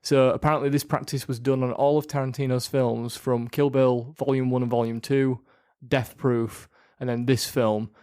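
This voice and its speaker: A young man hosts a podcast with an easy, chatty manner, often breaking into giggles as he shares trivia. His pitch sits in an everyday middle range. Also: little pitch movement, moderate pace, few pauses, a little mellow. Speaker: podcast host. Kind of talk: casual chat.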